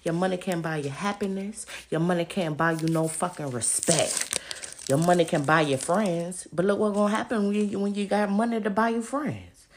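A woman hosts a loose, profane rant for her listeners, loud and emphatic, with swear words in nearly every sentence. Her pitch swings widely as she keeps calling out to them as y'all. She is at home, talking into a phone she carries from room to room. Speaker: podcast host. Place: at home, walking around the house.

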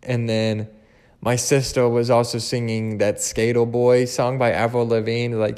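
A man's voice: mid-range voice, flat delivery, measured pace, darkish tone, clear, resonant tone. Rambling young man with a lisp. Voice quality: slight lisp. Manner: rambling, restarts often, casual swearing. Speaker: podcast host. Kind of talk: casual solo chat.

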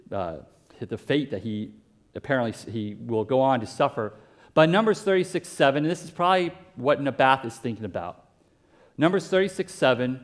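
A pastor preaching a sermon in a conversational way, with asides and everyday comparisons. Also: male voice, mid-range voice.

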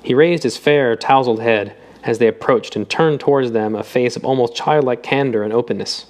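A man narrates an audiobook at a measured, even pace. His voice sits at an ordinary middle pitch. He reads steadily through the prose.

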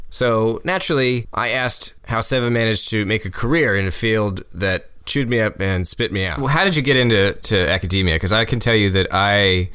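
A man hosts an interview podcast, moving from read intros to loose, self-deprecating chat. His voice sits on the low side. The sound is close and dry. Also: sharp tone, clear, resonant tone, no echo. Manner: easygoing, self-deprecating, laughs often. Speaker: podcast host. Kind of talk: scripted intro and conversational interviewing.

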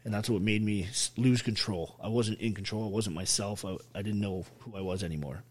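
A man's voice: fairly low pitch, fairly quick, darkish tone. An army veteran telling his story as an interview guest, blunt and full of swearing. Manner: blunt, heavily profane, emphatic.

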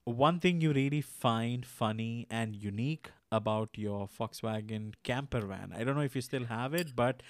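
A man hosting a podcast interview, friendly and laughing often, with halting restarts as he asks his questions. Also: medium pitch. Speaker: podcast host.

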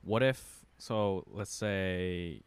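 A young man with a lowish, smooth voice chats loosely as a podcast co-host, rambling and breaking into laughs. The sound is dry and close. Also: extremely slow, no room sound. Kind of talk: casual chat.

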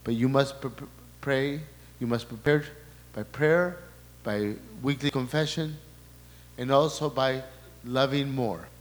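Male priest at a middle pitch, preaching in a halting, restarting way, heard in a long hall echo. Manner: halting, restarts and repeats words, relays quoted messages. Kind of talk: sermon talk.

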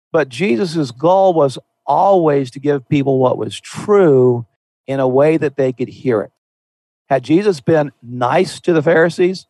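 A man's voice: fairly high pitch, a little mellow, no echo, low-quality recording. Earnest man in a dry studio. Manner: earnest, conversational, repeats words when restarting. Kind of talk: Christian talk show conversation.

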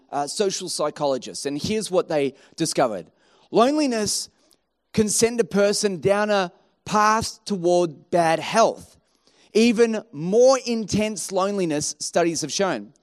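A man preaching a sermon in a lively, animated way, acting out everyday voices as he tells stories. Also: sits high. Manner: animated, acts out quoted voices. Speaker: pastor.

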